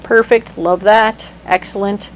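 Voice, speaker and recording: Chatty tarot lady, bouncy and playful, middle pitch, bit of hum in the background. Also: a little slow, poor audio. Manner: animated, playful, with sudden exclamations. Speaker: tarot reader. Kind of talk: casual tarot reading.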